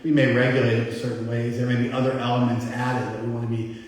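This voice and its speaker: A middle-aged man gives a blunt, conversational spiritual lecture and keeps putting questions to his class. His voice sits at an ordinary pitch. It carries long reverb from a big hall and is picked up from some distance. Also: little pitch movement, fast. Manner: blunt, conversational, quizzes the audience. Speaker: spiritual teacher. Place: large hall with a live audience.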